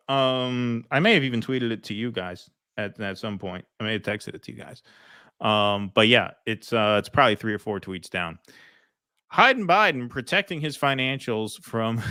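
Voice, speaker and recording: Guy hosting a political stream, bright voice, dry close mic, lots of ums. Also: fairly low pitch, no echo. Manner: chatty, thanks donors, many ums and restarts. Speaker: host reading viewer super chats. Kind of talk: casual political livestream chat.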